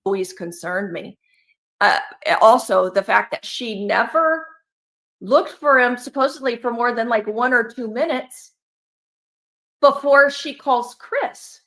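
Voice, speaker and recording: A woman giving measured, analytical commentary, reasoning through her points. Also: on the high side, fairly bright tone.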